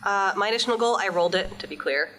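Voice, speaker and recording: A woman's voice: mid-range voice, racing, rough recording. A woman playing a tabletop game live, sheepish and laughing as she speaks. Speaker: player. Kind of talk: casual chat at a live game show. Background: crowd.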